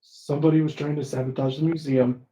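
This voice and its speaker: A man's voice: on the high side, little pitch movement, fast talker, mellow, rough recording. A man playing in a tabletop role-playing game, talking in an eager, rambling, easily distracted way. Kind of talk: playful tabletop role-play chat.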